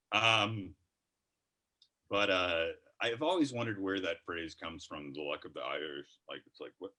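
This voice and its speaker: A man's voice: on the low side, a bit bright. A man doing a rambling, profane comedy roast set with jokey asides.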